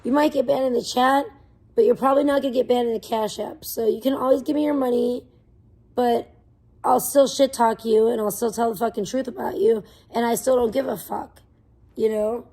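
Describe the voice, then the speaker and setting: A woman livestreaming, ranting in a profane, defensive way that swings between muttering and loud outbursts. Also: fairly high pitch, fairly even intonation, a little fast. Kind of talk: casual livestream rant.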